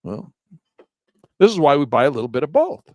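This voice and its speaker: A man's voice: fairly high pitch, sing-song, brisk, a little mellow, dry recording. A man giving folksy, self-amused commentary on his investments while sharing his screen. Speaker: investing vlogger. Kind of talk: casual screen-share commentary.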